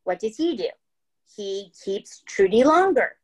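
The recording is low quality, and the woman's mid-range voice is very animated and a little slow. She hosts a podcast, chatting casually through a true-crime story while swearing freely and often asking "right?" and "okay?".

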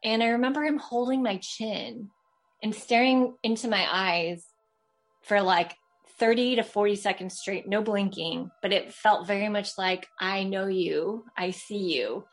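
A woman's voice: mid-range voice, unhurried, soft background music. Chatty woman caller telling a story. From Los Angeles. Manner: chatty, many fillers and restarts, laughs while telling. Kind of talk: casual storytelling.

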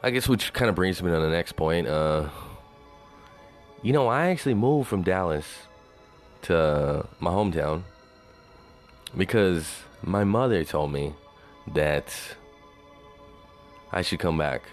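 A man's voice: low voice, lively intonation, slow pace, pauses often, faint music behind. A man talking in a loose, rambling monologue, swearing freely and saying "you know" over and over. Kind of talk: casual monologue.

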